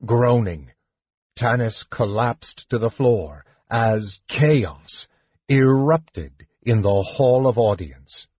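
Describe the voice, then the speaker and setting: A man with a husky voice narrating a fantasy audiobook in a measured, even manner. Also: mid-range voice, no echo, muffled recording.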